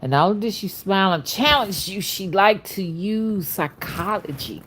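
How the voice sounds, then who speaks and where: A woman hosting a casual livestream as a spiritual reader, with a soothing, melodic soft voice, greeting viewers by name and making folksy asides. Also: mid-range voice, expressive, moderate pace, slight background noise. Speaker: spiritual reader and channel host.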